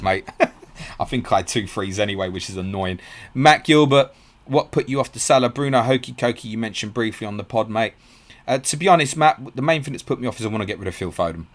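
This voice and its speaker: A man hosting a live stream, reading out viewer questions and answering them quickly and bluntly. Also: on the low side. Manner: fast, blunt and matey, calls viewers mate. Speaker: podcast host.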